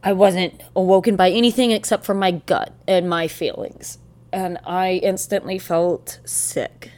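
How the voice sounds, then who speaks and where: A young woman telling a personal story in a halting, emotional way, close to tears at times. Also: fairly low pitch, fairly even intonation, a little mellow. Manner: halting, emotional, with many restarts.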